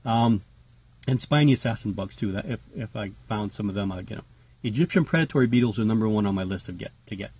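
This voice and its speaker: A man talking casually to camera about his tarantulas, relaxed and chatty with lots of fillers. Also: lowish voice, fast, husky, no echo. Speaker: tarantula keeper vlogger. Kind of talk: casual rambling vlog.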